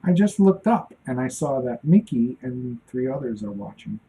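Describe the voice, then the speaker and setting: A man's voice: medium pitch, sing-song, moderate pace, dark tone, a little hiss or hum, low-quality recording. A man in his forties chatting casually on a live stream while he draws, rambling and talking to himself as he works. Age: 40s. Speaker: cartoonist streaming while drawing.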